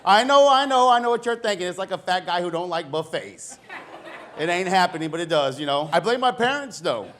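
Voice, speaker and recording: Middle-aged male stand-up comic, high-pitched, talky, self-deprecating, performs voices for dialogue. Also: expressive, fairly quick, a bit bright, a little hiss or hum. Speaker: stand-up comedian. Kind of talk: stand-up comedy set. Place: comedy lounge with a live audience.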